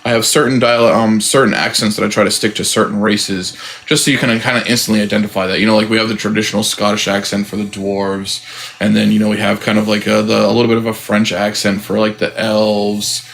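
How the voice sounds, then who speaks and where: A man co-hosting a podcast about running tabletop games, talking casually and rambling, often laughing and slipping into quick voice impressions. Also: lowish voice, little pitch movement, creaky, fairly bright tone. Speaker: podcast co-host, game master.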